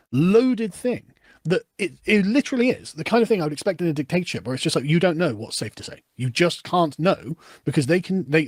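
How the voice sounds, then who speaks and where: A man commenting on news clips in a sarcastic, swearing, animated rant. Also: on the high side, no room sound, clean studio sound. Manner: fast, animated, sarcastic, swears and laughs often. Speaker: political commentator.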